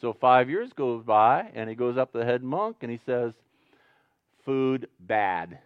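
A man's voice: on the low side, clean tone, no echo, muffled recording. A man preaching a sermon as pastor, talking conversationally and joking with the congregation, then growing emphatic. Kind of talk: sermon with jokes.

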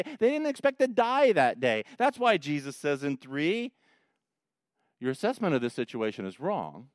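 A man preaching a sermon, emphatic, swinging between quiet, low passages and loud, rising ones. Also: wildly swooping pitch, normal speed, no room sound. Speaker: pastor.

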